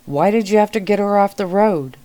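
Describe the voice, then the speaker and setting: A woman's voice: medium pitch, fairly quick, dark tone, pitched above the performer's own voice, natural voice. A woman doing an alarmed young werewolf man.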